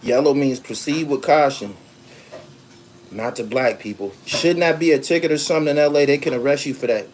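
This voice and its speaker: An East Coast man in his forties hosts a podcast livestream, reading viewer comments and telling loose, profane stories in which he acts out the voices. His mid-range voice moves a little fast, with slight background noise.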